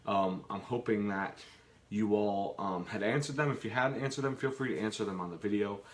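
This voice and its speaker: His voice is on the low side and fairly quick. He's co-hosting a live home Q and A from the kitchen, casually rambling with jokes, drifting off and picking back up.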